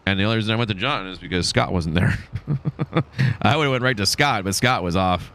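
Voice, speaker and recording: A man's voice: on the low side, fairly quick, fairly bright tone. A man, telling a long rambling story in casual chat while hosting a game stream, full of fillers and restarts. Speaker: livestream host.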